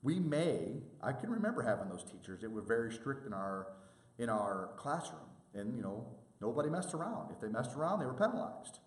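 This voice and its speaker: Animated man presenting in an echoey room. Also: medium pitch, fairly quick. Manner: animated storytelling, acts out quoted people. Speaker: sports officiating presenter. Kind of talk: presentation to officials.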